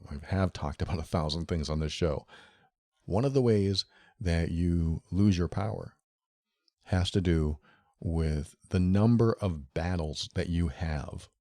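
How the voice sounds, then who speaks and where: A low-voiced man talks earnestly through a solo podcast episode. He speaks straight to the listener and circles back to his key phrases again and again. The sound is close and dry, with no room around it. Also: unhurried, mellow, no echo. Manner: earnest, repetitive, addresses listener directly. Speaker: podcast host. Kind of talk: solo podcast talk on relationships.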